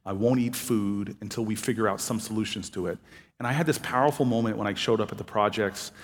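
A man telling a personal story to an audience, acting out the quoted dialogue with lively energy. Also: lowish voice, fast, in a large hall. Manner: animated anecdotal storytelling, acting out both sides of dialogue. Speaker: author and former city politician. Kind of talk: storytelling talk.

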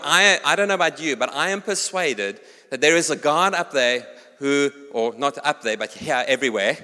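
A man's voice: mid-range voice, pushed and bright. A man with a South African accent preaching a sermon, telling a personal story and speaking directly to the congregation. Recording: long hall reverb.

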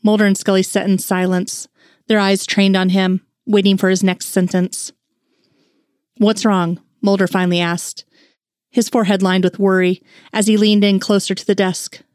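A woman's voice: medium pitch, flat delivery, normal speed, darkish tone, dry recording. Woman narrating fan fiction, dry sound.

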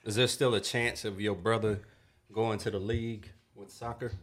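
A man co-hosting a podcast, talking casually in an animated, joking, self-deprecating way. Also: fairly low pitch, moderate pace. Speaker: podcast co-host. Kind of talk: casual chat.

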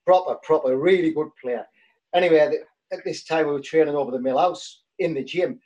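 A man's voice: a little high, a little fast, darkish tone, rough recording. A man, a former footballer telling rambling anecdotes with lots of fillers in casual chat.

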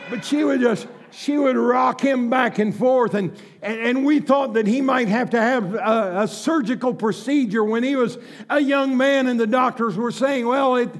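Male preacher, very high and gravelly voice, fervent shouted sermon with folksy asides.

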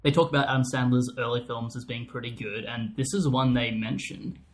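A man's voice: mid-range voice, steady tone, brisk. A man hosting a casual film podcast, joking dryly and steering the talk. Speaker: podcast host. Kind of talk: casual chat.

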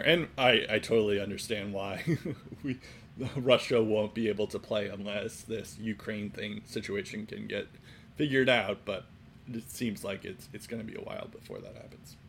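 A man with a somewhat low voice talks sports in a loose, casual podcast chat. He rambles, restarts his sentences and leans on "like" and "um" throughout. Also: slight background noise. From Boston area. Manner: rambling, heavy on fillers like "like" and "um".

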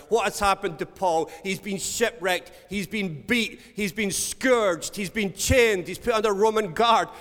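A man's voice: high-pitched, a bit bright. A man preaching a sermon, earnest and storytelling, repeating words for emphasis. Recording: long reverb of a large hall.

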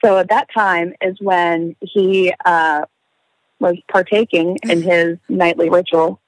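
Young woman, casual storyteller, expressive, swears, dry sound. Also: fairly low pitch, takes it slowly, no echo, rough recording. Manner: animated storyteller, swearing, laughing, acting out quotes. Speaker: guest telling a story. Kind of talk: casual podcast chat.

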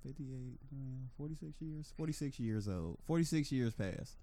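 A man co-hosting a podcast in casual banter, animated and laughing often as he acts out quotes. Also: mid-range voice, moderate pace. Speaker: podcast co-host.

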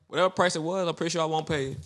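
A young man co-hosting a podcast in casual chat, animated and joking with slangy talk. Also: fairly high pitch, racing. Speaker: podcast co-host.

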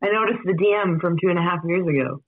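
A man with a notably high voice joins a podcast remotely over a tinny, phone-like line, the sound close and dry. He jokes in a dry, deadpan way. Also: quick pace, husky, no room sound. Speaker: podcast guest. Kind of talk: casual podcast chat. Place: at home in Canada.

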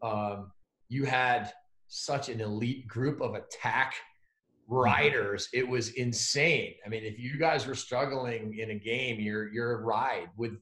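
Brief: male host, middle pitch, hesitant fillers, recorded in an echoey room. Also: fairly even intonation, takes it slowly, bright, forceful tone. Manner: hesitant, filler-heavy questioning. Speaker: podcast host. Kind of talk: casual podcast conversation. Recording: roomy echo.

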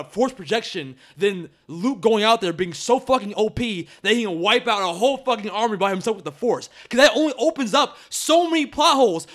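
High, lively young guy for a snarky casual film rant with lots of swearing. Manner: animated, sarcastic, swears often, acts out quotes. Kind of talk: casual movie discussion.

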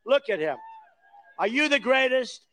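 A man's voice: very high-pitched, big pitch swings, moderate pace, bright, forceful tone, pitched above the performer's own voice, heavily acted. A man putting on an impression of a blustering older male politician, boastful and showy.

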